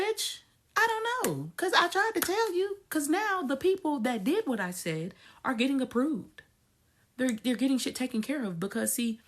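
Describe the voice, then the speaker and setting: A woman ranting bluntly to her viewers, cursing a lot and swinging from low mutters to loud outbursts. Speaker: vlogger. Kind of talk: profane rant to camera.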